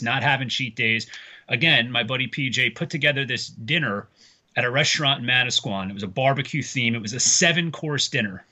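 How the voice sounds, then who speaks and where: A man's voice: medium pitch, pushed and bright. A man, a comedian, chatting casually and telling rambling stories with some swearing. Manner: loose storytelling with swearing. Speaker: comedian guest. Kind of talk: casual podcast chat.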